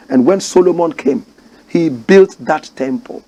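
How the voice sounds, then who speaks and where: A man's voice: on the high side, unhurried, dark tone. A Ghanaian man hosting a commentary show, preaching his views with rhetorical questions and repeated phrases. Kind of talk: impassioned commentary monologue.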